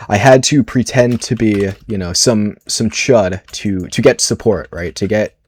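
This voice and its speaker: A man's voice: on the low side, measured pace, slightly rough. A man voicing an ageless, boastful male general who was secretly posing as a president, confessing his deeds in a casual, matter-of-fact way. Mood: confessional. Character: Trump unmasked as immortal Ulysses S. Grant, male, boastful. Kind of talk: comedic monologue role-play.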